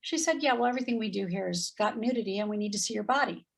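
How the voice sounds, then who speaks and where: A woman in her fifties telling a story in casual chat, animated and acting out voices as she goes. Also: mid-range voice, very fast, vocal fry. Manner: animated, acts out voices in quotes, laughs often. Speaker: guest.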